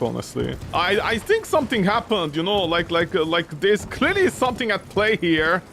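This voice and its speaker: A man's voice: high-pitched, big pitch swings, normal speed, hardly any pauses, a bit bright, a little hiss or hum. A young man streaming a game, rambling and ranting in exasperation, swearing often and sounding weary. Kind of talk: casual gameplay commentary.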